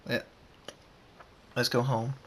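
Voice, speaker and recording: A man voicing a gentle, loving adult stallion in a fan storybook reading, speaking in a halting, earnest way. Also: mid-range voice, little pitch movement, a little hiss or hum, natural voice. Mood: tender.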